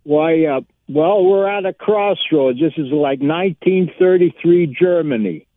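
A man calling into a radio talk show, rambling and halting with many fillers. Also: a little high, dry recording. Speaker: caller. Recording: tinny phone line.

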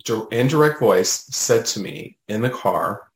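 Low-voiced man telling a story, echoey. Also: unhurried, hardly any pauses, slight background noise. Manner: animated, lots of "you know" and "right?". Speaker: guest, medium. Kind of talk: casual storytelling.

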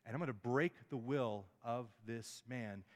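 A man's voice: mid-range voice, a little slow, voice pushed down, natural voice. A man voicing God as a resolute, commanding figure, with emphatic repeated phrases in a reverberant hall. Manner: solemn, emphatic repetition.

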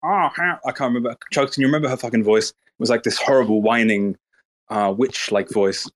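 Guy chatting in a twitter space, blunt and mocking, swears a lot, mid pitch. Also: steady tone, fast talker. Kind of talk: casual chat.

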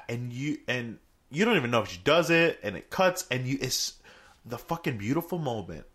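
A man co-hosting a podcast, chatting casually and excitedly retelling a film's scenes. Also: mid-range voice, normal speed. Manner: animated, retelling scenes with acted quotes. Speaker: podcast co-host. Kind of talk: casual chat.

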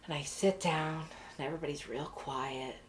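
A woman with a somewhat low voice talks through a story from her job as a podcast guest. She is casual and animated, swears freely, and slips into quick impressions of the people she describes. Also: slight background noise. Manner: lively, swears freely, acts out quotes. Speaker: podcast guest, corrections treatment provider.

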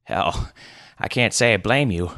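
A man voicing a bitter, sarcastic grandfather in a wheelchair, gruff in a story reading. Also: lowish voice, lively intonation, unhurried, bright, forceful tone, dry recording, studio quality, heavily acted.

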